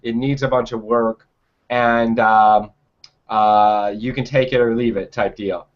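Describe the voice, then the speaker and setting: A man's voice: medium pitch, steady tone, measured pace, highs cut off. Rambling young man telling a story. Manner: rambling, with many fillers and restarts. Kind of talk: casual storytelling.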